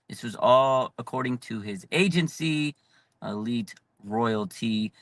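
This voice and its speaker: A man hosting a live fan channel, talking in excited bursts with frequent shouts and lots of "like". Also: mid-range voice, creaky, no echo.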